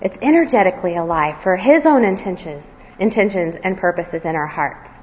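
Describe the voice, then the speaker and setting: A woman's voice: on the low side, lively intonation, fairly quick, darkish tone. Earnest woman preaching in a reverberant hall. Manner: earnest, self-deprecating asides. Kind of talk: expository sermon. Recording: reverberant hall, dull lo-fi sound.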